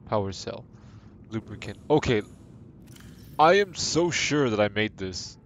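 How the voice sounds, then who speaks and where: A man's voice: lowish voice, animated, unhurried, highs cut off, a little hiss or hum. A young man streaming a video game live, chatting to his viewers in a rambling, playful, self-deprecating way. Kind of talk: casual live-stream chat while gaming. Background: game music.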